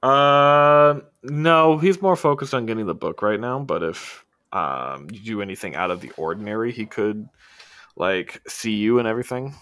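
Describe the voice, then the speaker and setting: A man's voice: on the low side, moderate pace, a bit bright, clean tone, no room sound, studio quality. A man narrating as game master in a casual, filler-heavy way.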